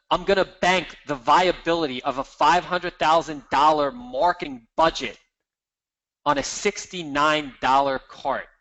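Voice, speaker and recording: A man giving an energetic, emphatic marketing seminar, walking the audience through slides. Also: a little high, rough recording. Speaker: marketing presenter.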